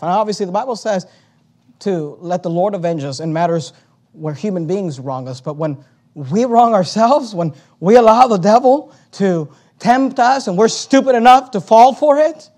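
A man with a very high voice preaching a sermon. He rises into loud, emphatic bursts full of repetition and then drops back to quieter explaining. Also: animated, normal speed. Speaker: pastor.

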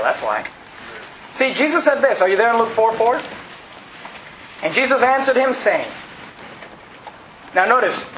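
A male pastor preaching an emphatic sermon to a congregation, repeating his points and rising to shouts. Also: sits high, slight background noise. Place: church hall. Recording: roomy, slightly dull, congregation audible. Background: congregation responding.

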